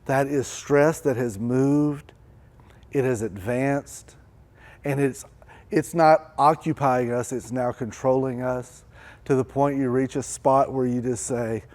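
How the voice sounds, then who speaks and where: A man preaching a church sermon, acting out desperate pleas with rising intensity and then dropping low and quiet. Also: steady tone, slow. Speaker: pastor.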